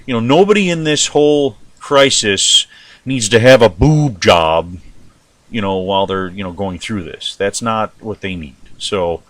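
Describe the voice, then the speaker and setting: A man's voice: lowish voice, measured pace, fairly bright tone, no room sound. A man hosting a show, rambling through news commentary and asking rhetorical questions. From United States. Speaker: host.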